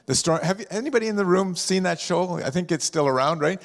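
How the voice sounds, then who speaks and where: Middle-aged pastor preaching in a reverberant hall. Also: male voice, high-pitched, expressive, quick pace, few pauses. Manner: jokey, chatty, asks the room questions. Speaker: pastor and district superintendent. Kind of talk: sermon with humorous storytelling. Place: church hall with a live congregation.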